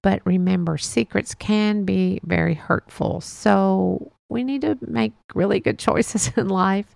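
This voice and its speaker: Slow, gravelly-voiced woman telling a story. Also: mid-range voice, darkish tone, no room sound. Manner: meandering, with many fillers and restarts. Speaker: podcast host. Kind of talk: casual storytelling monologue.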